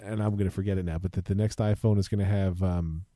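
Mellow-voiced man chatting casually. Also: sits low, steady tone, fast talker, no room sound, studio quality. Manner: rambling, self-interrupting, jokey. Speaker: podcast co-host. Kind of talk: casual tech chat.

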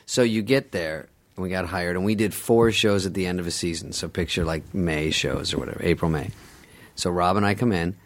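A man telling stories in casual chat as a podcast guest, acting out other people's lines with lively changes of voice. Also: low voice, a little fast. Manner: animated storyteller, acts out other people's lines. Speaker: podcast guest, former sketch comedy cast member.

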